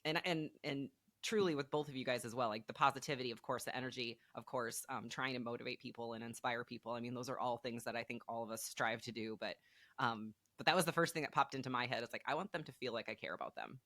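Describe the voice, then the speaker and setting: A woman hosting a relaxed podcast conversation, with a bright, forceful tone on a close, dry mic. She laughs often, asks questions and restarts her sentences mid-thought. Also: rumbling low, fast talker, no echo. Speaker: podcast host. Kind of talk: casual podcast chat.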